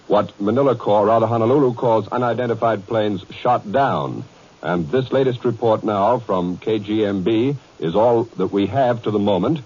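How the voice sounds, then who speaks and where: A man announcing war news bulletins in a formal, measured way on 1940s radio. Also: fairly low pitch, darkish tone, breathy edge. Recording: muffled 1940s radio broadcast.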